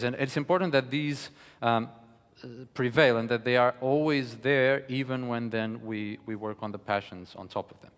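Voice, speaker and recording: A man giving a lecture on music, speaking in a measured, thoughtful way with frequent pauses. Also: medium pitch, a bit bright. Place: studio hall. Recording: long reverb of a studio hall.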